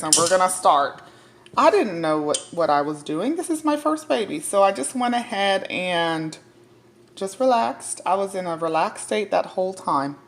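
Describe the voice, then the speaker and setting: A woman telling a personal story while she cooks, casual, animated and often laughing. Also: fairly low pitch, slight background noise. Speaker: dietitian sharing a personal story. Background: cooking clatter, faint music.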